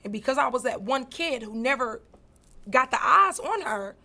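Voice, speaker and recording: A woman's voice: sits high, moderate pace. A woman, telling stories as a guest in a casual interview. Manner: animated, swings from quiet to loud, laughs while telling.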